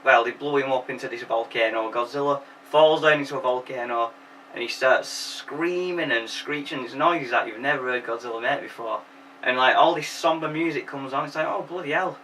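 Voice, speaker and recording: A man's voice: mid-range voice, a little fast, pushed and bright, far from the mic, rough recording. Brief: young male host, jokey sweary film recap, faint background hiss.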